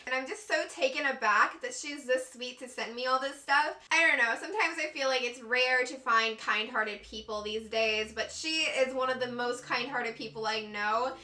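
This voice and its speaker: A woman's voice: fairly high pitch, normal speed, few pauses, pushed and bright, far from the mic. A young woman beauty vlogger gushing through a makeup unboxing. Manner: gushing, effusive, giggly. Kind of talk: excited unboxing vlog. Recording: echoey room, a bit off-mic.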